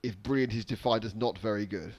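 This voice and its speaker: A man's voice: on the low side, fast, darkish tone. A man giving live trackside race commentary with dry, sarcastic humor.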